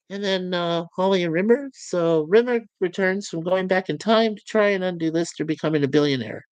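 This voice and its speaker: A woman reviewing a show in a casual, halting way, setting up quotes with fillers. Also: lowish voice, dry recording, poor audio. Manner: loose, halting narration with fillers.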